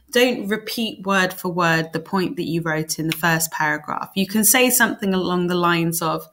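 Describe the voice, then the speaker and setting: A woman's voice: lowish voice, fairly bright tone. A woman with a British accent, a drama teacher explaining exam technique step by step in a lesson. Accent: British English.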